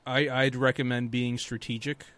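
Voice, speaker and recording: A man's voice: medium pitch, level tone, moderate pace, a bit bright, dry recording. A man co-hosting a podcast, chatting casually about a game, teasing and giving advice. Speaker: podcast co-host. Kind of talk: casual gaming chat.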